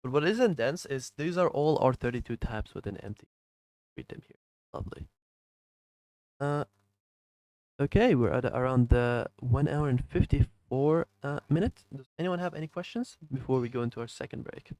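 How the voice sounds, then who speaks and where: A man lectures over a voice call, rattling through dense material and checking in with "right?" as he goes. His voice is mid-pitched and sounds dry and close to the mic, with no room around it. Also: a little mellow, no room sound. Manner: quick, filler-heavy explaining. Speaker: online class teacher.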